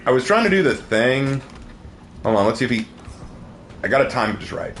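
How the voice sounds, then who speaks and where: A man's voice: mid-range voice, big pitch swings, fairly quick, fairly bright tone, soft background music. A man chatting casually on a gaming livestream, loose and jokey as he reacts to viewers.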